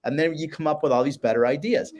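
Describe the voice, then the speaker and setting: A man's voice: a little high, fast, darkish tone. A man, a business advisor guest, talking enthusiastically in a casual chat and repeating words as he starts.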